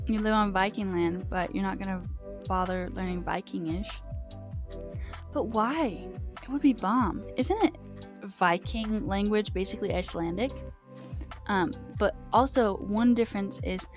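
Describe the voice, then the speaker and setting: A woman's voice: mid-range voice, a little slow, soft background music. A young American woman streaming from home, chatting casually with many fillers. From United States. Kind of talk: casual live-stream chat.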